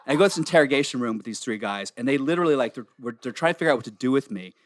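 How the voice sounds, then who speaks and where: A man spins a long, profane story on a podcast, animated and quick to laugh at himself. His voice sits in a middling register. It is recorded close and dry, with no room sound around it. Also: medium pitch, no room sound. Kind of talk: casual podcast chat, storytelling.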